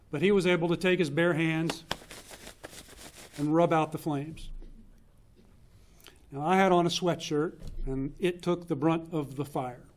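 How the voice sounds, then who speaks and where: A man in his fifties gives a eulogy for his older brother in a funeral home chapel, telling family stories in an earnest, unhurried way with pauses for effect. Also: fairly high pitch. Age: 50s. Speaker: eulogist, younger brother of the deceased. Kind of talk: memorial eulogy, personal storytelling.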